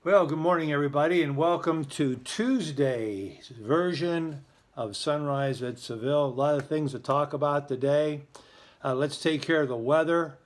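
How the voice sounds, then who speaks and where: A man's voice: a little high, moderate pace. Chatty man hosting school announcements. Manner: chatty, joking, self-deprecating. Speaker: school morning show host. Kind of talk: casual school morning announcements.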